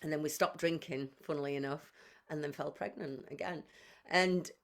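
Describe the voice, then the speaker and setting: A woman's voice: low voice, steady tone, normal speed. A woman in her thirties speaks openly about her life as a guest on a podcast. She tells it with raw emotion, slipping into the voices of people from her past as she goes. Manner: emotional, acts out past conversations. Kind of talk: personal storytelling.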